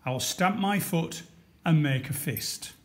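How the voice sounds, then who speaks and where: A man voicing a proud, bossy man in a storybook who insists on owning everything, speaking loudly and insistently. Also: fairly high pitch, unhurried. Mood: impatient. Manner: loud, insistent, commanding.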